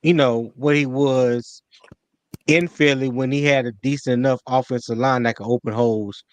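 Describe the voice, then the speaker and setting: A man co-hosting a casual sports chat, musing in a laid-back, drawn-out way. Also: mid-range voice, fairly even intonation. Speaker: podcast co-host.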